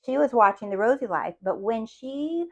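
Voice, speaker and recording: Woman coach, kinda high voice, animated motivational talk, keeps going "do you see?". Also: moderate pace, dull audio. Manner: acts out quotes with big swings in pitch and loudness. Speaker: manifestation coach.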